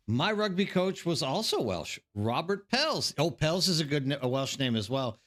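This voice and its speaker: A man's voice: fairly high pitch, big pitch swings, normal speed, hardly any pauses, fairly bright tone. A man streaming a game live, chatting casually and rambling to his viewers, calling them by name.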